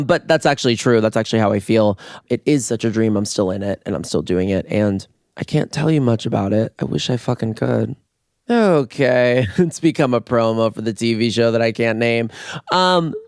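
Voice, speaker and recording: A man's voice: medium pitch, darkish tone, dry recording, clean studio sound. Campy, playful man hosting a podcast. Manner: playful, campy, with sudden screams. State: voice going hoarse. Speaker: podcast host. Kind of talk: casual solo podcast chat. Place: residence room in Toronto. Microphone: podcast mic on video.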